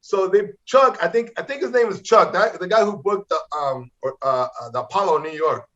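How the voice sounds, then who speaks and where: A middle-aged man from Los Angeles, a comedian telling wild stories in an energetic way, always saying "bro" and "man.". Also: high voice, a little fast. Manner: energetic, repeats "bro" and "man", acts out voices. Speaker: comedian guest. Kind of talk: animated storytelling. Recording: slightly dull lo-fi audio.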